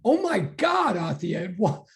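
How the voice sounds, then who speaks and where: A man with a high-pitched voice speaks slowly while teaching physics online. He is chatty and animated, frequently reading out and responding to the class chat.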